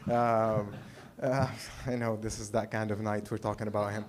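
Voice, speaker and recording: A man from the Middle East doing a stand-up set at a small open mic, halting and dry, full of filler words. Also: fairly low pitch, little pitch movement, a crowd in the background. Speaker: stand-up comedian. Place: small live comedy venue.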